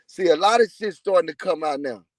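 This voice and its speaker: A man's voice: on the high side, lively intonation, a little fast, a crowd in the background. A man from Texas, telling prison stories in a profane, boastful, rambling way. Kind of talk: casual livestream chat.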